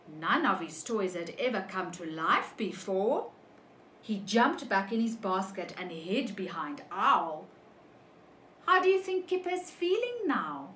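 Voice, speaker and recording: Preschool teacher, woman, slow expressive storybook reading, roomy echoey sound. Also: medium pitch, slight background noise. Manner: slow, animated, asks children questions. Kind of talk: reading a picture book to young children.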